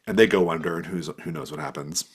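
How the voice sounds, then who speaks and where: A man's voice: rumbling low, fast, husky. A man narrating as game master of a tabletop role-playing game, loosely, with lots of fillers. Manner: loose, rambling with many fillers.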